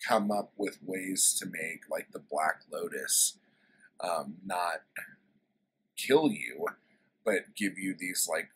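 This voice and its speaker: A man's voice: low voice, fairly bright tone, a little hiss or hum, low-quality recording. A man casually retelling a favorite story in a book review, rambling and swearing with lots of fillers.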